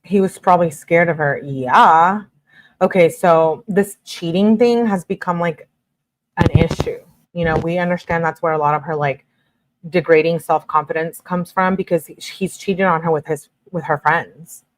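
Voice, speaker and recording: Young woman, lowish voice, reads texts flatly and reacts with shocked asides between them. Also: moderate pace. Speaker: true crime commentator. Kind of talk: reading texts aloud with commentary.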